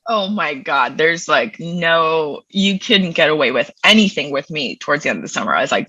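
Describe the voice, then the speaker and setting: Bright, laughing woman in a chatty interview. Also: sits low, animated, moderate pace, hardly any pauses, husky, dry recording, poor audio. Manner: chatty, laughs often, self-deprecating. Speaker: interview guest. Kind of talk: casual interview chat.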